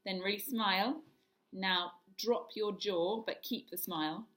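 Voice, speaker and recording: Lady coach walking you thru voice warmups, demos yawns and hums, normal pitch. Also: measured pace. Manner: demonstrates yawns, hisses, hums and sirens; instructive, step-by-step. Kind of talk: guided vocal warm-up.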